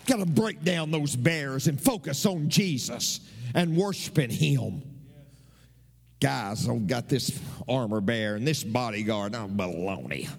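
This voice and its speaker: A man's voice: mid-range voice, creaky, husky. A man preaching a sermon as a pastor, emphatic and repetitive, his voice swooping up and down. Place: church. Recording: long reverb of a church hall.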